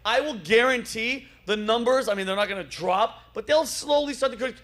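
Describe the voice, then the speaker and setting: A man's voice: very high-pitched, fairly quick, a bit bright. A man hosting a comedy podcast, talking bluntly and emphatically in casual heated chat, swearing freely.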